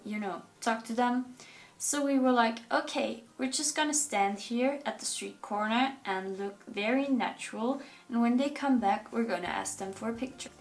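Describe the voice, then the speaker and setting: Excitable young woman telling fan stories. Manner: animated, acts out quoted dialogue with bursts of pitch. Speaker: vlogger. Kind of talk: casual storytelling vlog.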